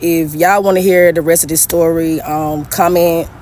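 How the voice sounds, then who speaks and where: A woman's voice: low voice, normal speed, slight background noise. Young woman telling her own story, addressing viewers casually. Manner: animated and conversational, often addressing listeners as "y'all", many "like" fillers. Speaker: storyteller sharing a personal story.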